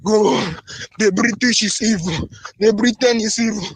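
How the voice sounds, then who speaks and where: A man with a strikingly high, husky voice pours out a fervent, pleading appeal. He hammers the same short phrases over and over, recorded as a dry, close phone voice note. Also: fairly even intonation, moderate pace, dry recording. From northern Nigeria. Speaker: voice-note caller.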